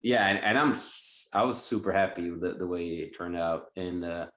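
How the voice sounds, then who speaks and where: A man's voice: low-pitched, moderate pace, fairly bright tone, echoey room, low-quality recording. A male guitarist guest chatting casually and enthusiastically in an interview, rambling with lots of fillers.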